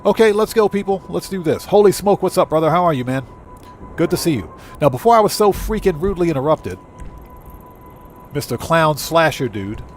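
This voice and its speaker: A male livestream host narrating his gameplay in a fairly high-set voice, brash and boisterous. He flips between trash talk aimed at rivals and energetic welcomes for new members. Faint game music plays behind him. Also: brisk. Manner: energetic shout-outs greeting chat members. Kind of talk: live gameplay commentary.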